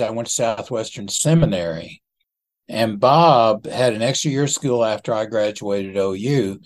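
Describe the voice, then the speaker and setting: A man in his seventies, a ministry founder, telling his story in an unhurried, chuckling, self-deprecating way. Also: medium pitch, darkish tone. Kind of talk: reminiscing storytelling in an interview.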